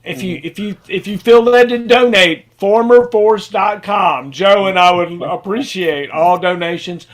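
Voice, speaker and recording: High-pitched man, video-call host, rambling and repetitive. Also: a little slow, few pauses. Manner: rambling, repeats words, warm thanks. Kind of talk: casual video-call chat.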